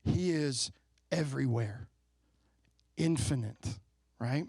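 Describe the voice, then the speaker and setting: A man in his thirties preaching a sermon in a relaxed, conversational way, telling a family story and asking the congregation questions. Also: mid-range voice, slow, breathy edge, no echo. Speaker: pastor. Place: church sanctuary.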